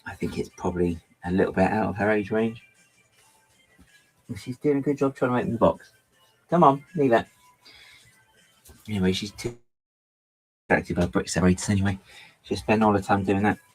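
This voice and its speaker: A man's voice: on the low side, fairly quick, pauses often, a little mellow, soft background music, poor audio. A middle-aged man chatting casually while he builds with LEGO on a livestream, rambling and often stopping himself to apologise. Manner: rambling, self-interrupting, apologetic.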